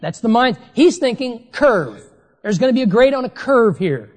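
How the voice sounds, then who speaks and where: Preacher, sermon delivery, emphatic, slows down to stress key words, big hall reverb. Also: medium pitch, sing-song.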